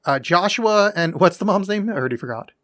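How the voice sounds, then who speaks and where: A man's voice: high voice, lively intonation, fairly quick, a bit bright, no echo. A man with a New Jersey accent co-hosting a casual podcast, joking around and laughing often. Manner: jokey, laughs often, puts on voices. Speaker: podcast co-host. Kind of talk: casual chat.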